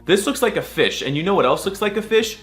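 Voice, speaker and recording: A comedy language tutor teaches the alphabet for laughs, his animated, slightly bright voice leaping and swooping in pitch at a quick pace. He keeps up an exaggerated mock seriousness, breaking into sudden squeals over faint background music.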